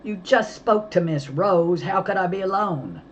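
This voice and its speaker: A woman voicing a feisty, hot-tempered young girl who talks loud and snappy in a storybook reading. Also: on the low side, a little slow, muffled recording, slight background noise, pitched above the performer's own voice, lightly acted. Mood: defiant.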